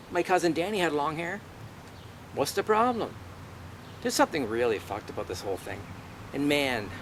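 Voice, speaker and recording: Male vlogger, mid pitch, profane and indignant, ranting to camera. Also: a bit bright, slight background noise. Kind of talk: angry personal rant to camera.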